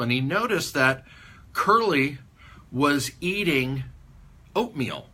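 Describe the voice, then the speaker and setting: A man's voice: medium pitch, takes it slowly, pushed and bright. A man giving a conference talk, telling a folksy, rambling story in an anecdotal style. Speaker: conference speaker.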